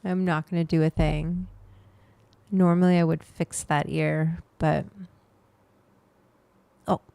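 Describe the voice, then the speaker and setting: A woman's voice: low-pitched, flat delivery, slow, gravelly, warm tone, clean tone, no echo. A woman hosting a casual livestream, rambling to her viewers and her pet as she goes. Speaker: livestream host.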